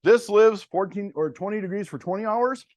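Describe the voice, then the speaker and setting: A man's voice: high voice, moderate pace, a little mellow, no room sound. A middle-aged man, giving a plainspoken, folksy workshop talk to farmers about cover crops. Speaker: cover crop agronomist.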